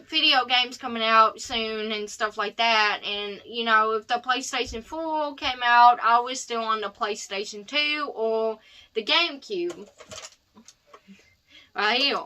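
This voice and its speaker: A woman's voice: fairly high pitch, a little slow, pushed and bright, clean tone. A young woman telling a personal story in a chatty, heartfelt vlog, rambling with asides. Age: young adult. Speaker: vlogger.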